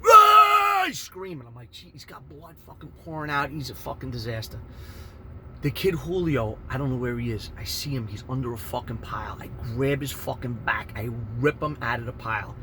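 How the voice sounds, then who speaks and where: Loud, animated New man, storytime vlogger, crisp bright tone, slight background hiss. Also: medium pitch. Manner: animated, swears constantly, shouts out punches. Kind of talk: profane storytime monologue.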